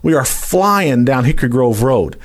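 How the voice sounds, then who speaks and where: Folksy Louisiana storyteller, male, lively pitch. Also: normal speed. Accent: Louisiana Southern US. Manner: folksy, dramatic, addresses listeners as y'all. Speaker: storyteller guest. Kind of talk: animated storytelling.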